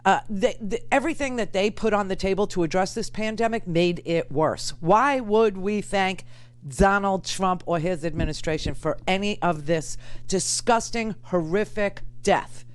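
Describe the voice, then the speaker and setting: A woman's voice: mid-range voice, normal speed, clear, resonant tone, dry recording. Sarcastic combative talk radio woman. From United States. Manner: sarcastic, combative, laughs often. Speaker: radio talk show host. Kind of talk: political talk radio commentary.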